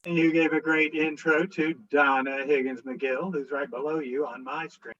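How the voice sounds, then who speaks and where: Bright-voiced man moderating a video call. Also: fairly high pitch, fairly even intonation, moderate pace. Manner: jokey, introduces each guest. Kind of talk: hosting a group video call. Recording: dull video call audio.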